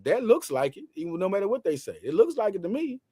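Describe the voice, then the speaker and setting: A man hosting a casual sports talk show, talking in loose slang with lots of quick restarts. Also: high-pitched, very animated, dark tone, breathy edge, no room sound, studio quality.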